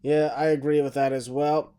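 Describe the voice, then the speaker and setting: A man hosting a wrestling review podcast, speaking in a measured way with announcer-like phrasing. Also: on the high side, steady tone, dark tone. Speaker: podcast host. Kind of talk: casual wrestling review chat.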